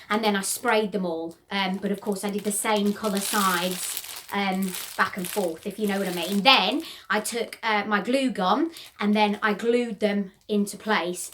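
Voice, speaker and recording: A woman's voice: mid-range voice, a little hiss or hum. A middle-aged woman hosts a casual DIY craft tutorial, talking in a bubbly, rambling way with frequent ums. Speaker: host of a home crafts channel.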